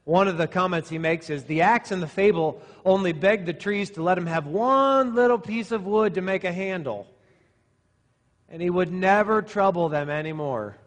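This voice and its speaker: A middle-aged man delivers a sermon to young men in a slightly high voice. He exaggerates and speaks sarcastically to drive his lesson home. A long reverb trails his words through the hall. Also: normal speed. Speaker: pastor.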